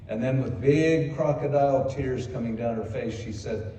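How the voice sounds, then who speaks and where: Older man, hoarse, folksy storyteller at a convention; mellow voice, heard from far off in a big echoing hall. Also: medium pitch, normal speed, slight background noise. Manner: folksy, self-deprecating storyteller. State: hoarse from speaking. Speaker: company co-founder giving a convention speech. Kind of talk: personal storytelling speech.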